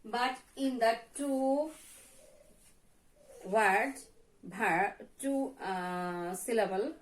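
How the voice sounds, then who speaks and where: A woman's voice: a little high, very slow. A woman teacher with a Bangladeshi accent, giving a lesson and repeating each word several times as a pronunciation drill. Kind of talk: slow classroom lesson. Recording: echoey room from far off.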